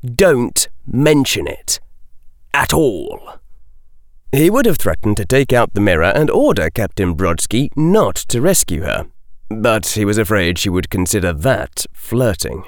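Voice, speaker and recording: A man narrating an audiobook in an expressive, dramatic storytelling manner. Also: lowish voice, moderate pace, no room sound, studio quality.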